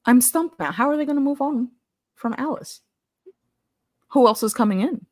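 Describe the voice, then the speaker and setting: A woman hosting a casual show discussion, animated, laughing often and repeating her words as she talks. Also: high-pitched, normal speed, no echo, clean studio sound. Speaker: host.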